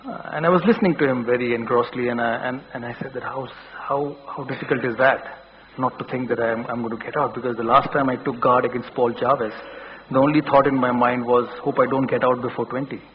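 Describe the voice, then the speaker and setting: A keynote speaker in his forties with an Indian English accent gives a motivational speech with anecdotes in a large hall, his tone steady and a little fast. His earnest delivery is full of restarts and repeated words. The dull, boomy, lo-fi recording has a long reverb and a faint hum.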